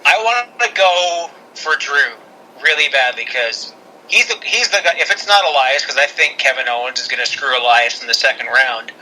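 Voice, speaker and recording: A man's voice: mid-range voice, moderate pace, sharp tone, slight background noise, rough recording. A man co-hosting a podcast, chatting in a playful, jokey way with some hesitant restarts. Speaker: podcast co-host. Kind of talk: casual wrestling chat.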